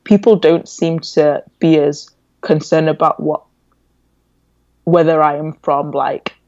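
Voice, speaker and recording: A woman in her twenties with an English accent, raised in England after a Nigerian birth, telling stories as a podcast guest in an animated, reflective way. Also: low-pitched, slow pace, no room sound. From born in Nigeria, raised in England. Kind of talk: casual interview chat. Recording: dull, dry lo-fi audio.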